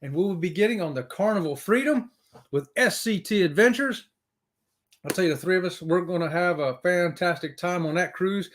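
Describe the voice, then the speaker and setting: Brief: upbeat male stream host reading chat aloud, high voice, whooping greetings. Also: normal speed, slight background noise.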